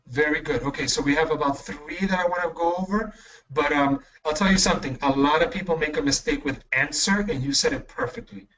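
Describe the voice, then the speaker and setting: A male English teacher running an online class, patient and encouraging, correcting pronunciation slowly. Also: on the high side, a bit bright, distant mic, rough recording.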